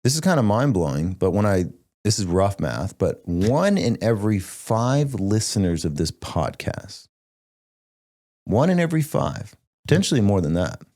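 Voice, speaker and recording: A young man hosting a podcast, chatting casually in an animated, emphatic way. His voice sits a little low and he fills his talk with "like". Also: normal speed. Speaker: podcast host.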